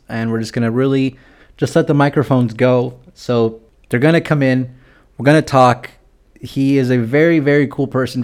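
Brief: young male podcast host, mid-pitched, rambling solo chat with profane dark humor. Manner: rambling, profane, darkly joking. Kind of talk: casual solo podcast monologue.

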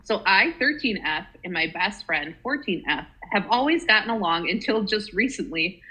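A woman co-hosting a casual podcast chat, talkative and quick to giggle as she reads a story aloud. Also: mid-range voice, animated, sharp tone, rough recording. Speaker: podcast co-host.

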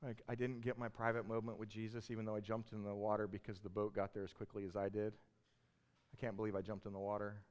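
A man's voice: lowish voice, level tone, quick pace, darkish tone. A man preaching a sermon, retelling a Bible passage in a casual, storytelling way and building to passionate emphasis. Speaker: pastor.

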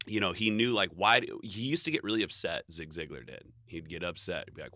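A man's voice: fairly low pitch, brisk, bright, forceful tone, no echo, clean studio sound. A man giving a casual, rambling motivational monologue, swearing freely, laughing often and cutting himself off mid-thought. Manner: profane, rambling, self-interrupting, laughs often. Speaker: vlogger.

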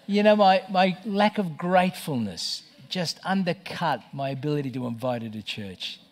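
A middle-aged man preaching a sermon as pastor, telling stories with lively stammered restarts. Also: fairly high pitch, normal speed, hardly any pauses, slight background noise. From Australia. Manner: animated storytelling with stammered restarts.

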